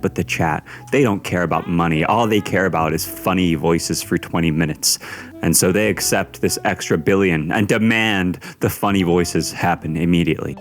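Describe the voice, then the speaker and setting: Male narrator for a commentary video, low-pitched, wry storytelling over soft music. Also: normal speed.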